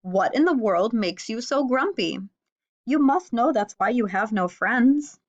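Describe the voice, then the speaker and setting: A cheerful little bird from a storybook, chirping in a bright, high-pitched voice as a woman reads him aloud. He sounds curious and unafraid. The recording is a bit dull and lo-fi. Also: animated, measured pace.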